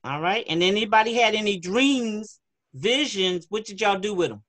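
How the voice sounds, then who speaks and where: A woman's voice: mid-range voice, expressive, normal speed, fairly bright tone. Chatty woman leading an online kids' class. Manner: chatty, encouraging, reads the chat aloud. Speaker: online youth class leader. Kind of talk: casual online class for kids. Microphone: video call.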